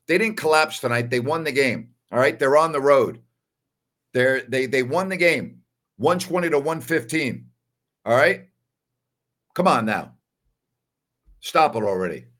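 A man's voice: mid-range voice, a bit bright. Emphatic man hosting a postgame show. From New York. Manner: emphatic, repeats "all right" a lot. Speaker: host of a basketball postgame show. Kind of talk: casual solo livestream commentary.

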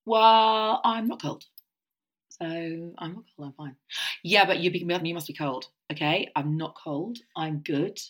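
A middle-aged woman co-hosting a podcast, chatting casually in an animated, emphatic way and quick to laugh. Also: on the low side. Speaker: podcast co-host. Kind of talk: casual chat.

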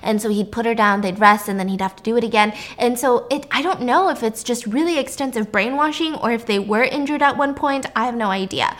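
Animated young woman recapping a film. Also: on the high side, a little fast, few pauses. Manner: animated, jokey, acts out lines. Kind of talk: casual chat.

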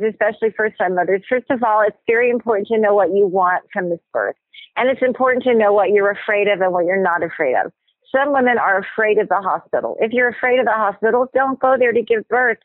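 A woman's voice: mid-range voice, dry recording. Earnest woman on a tinny line. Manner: earnest, explaining at length with occasional ums. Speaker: medical anthropologist guest. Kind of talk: explanatory interview talk. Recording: tinny phone-like line, dry.

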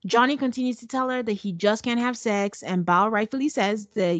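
A woman's voice: a little high, brisk, hardly any pauses, no room sound. Blunt sarcastic woman, dry close sound. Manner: blunt, sarcastic, mimics people she recaps. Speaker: podcast co-host. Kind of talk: casual recap chat.

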